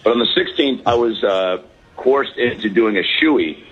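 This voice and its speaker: A comedian calls in over a phone line from a hotel balcony for a casual chat. His medium-pitched voice is animated at a moderate pace, and he rambles in a self-deprecating way with lots of fillers.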